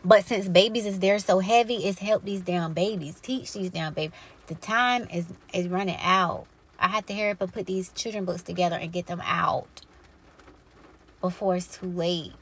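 A woman's voice: on the low side, normal speed, husky. Fiery, profane woman podcast host. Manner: blunt, profane and preachy, with emphatic rhetorical questions. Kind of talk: impassioned solo podcast monologue.

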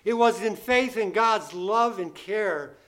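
A man delivers a sermon in a fairly high voice at a slow, deliberate pace. He hammers home key phrases by repeating them. He also puts questions to his listeners and acts out the scenes he describes. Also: lively intonation, fairly bright tone. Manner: acts out the disciples' panicked pleas in a raised voice. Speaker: preacher.

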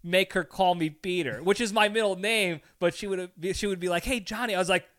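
A man with a high, bright, clear voice, hosting a casual podcast chat. He tells a comic story in an animated way, acts out scenes and laughs often. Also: a little fast. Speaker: podcast host.

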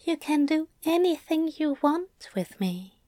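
A woman voicing a gentle, eager male angel in a whispered role-play, with a bright, pleading, slightly breathless delivery. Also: sits high, sing-song, unhurried, no room sound, voice pushed up.

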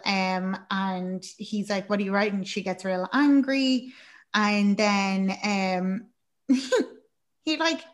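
A woman casually recapping a film, chatty and rambling, with fillers and swearing. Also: medium pitch.

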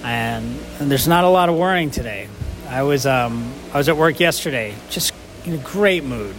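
A man's voice: mid-range voice, animated, moderate pace, fairly bright tone, soft background music. A man co-hosting a casual podcast about sobriety, speaking in an earnest, grateful way with frequent restarts. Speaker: podcast co-host. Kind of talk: casual recovery podcast chat.

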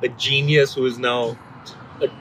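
A man in casual conversation, measured and reflective. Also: mid-range voice, level tone, fairly bright tone. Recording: noisy background.

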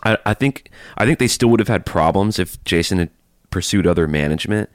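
A man's voice: deep voice, fairly quick, dry recording. A man co-hosting a podcast in casual, joking chat, reading from his notes. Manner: chatty, joking, reads notes aloud. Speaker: podcast co-host.

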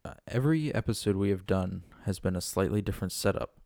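A man's voice: low voice, lively intonation, quick pace, creaky, darkish tone, no echo, clean studio sound. A male podcast co-host in casual chat, giving brief, plain remarks with small hesitations.

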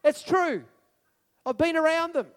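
High-voiced preacher in an echoey hall. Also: male voice, a little slow. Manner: animated storytelling, asks the congregation questions. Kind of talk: sermon.

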